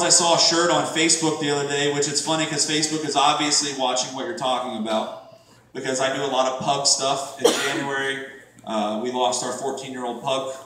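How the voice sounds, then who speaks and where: A middle-aged man performing a crude stand-up comedy set, jumping into shouted high-pitched impressions. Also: recorded from a distance. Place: comedy club stage. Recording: very echoey room from afar, faint noise.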